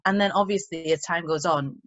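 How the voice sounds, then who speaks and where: A young woman from Nigeria with an Irish accent, co-hosting a casual podcast chat with animated, quick storytelling full of fillers. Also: lowish voice, no room sound, dull audio. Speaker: podcast co-host.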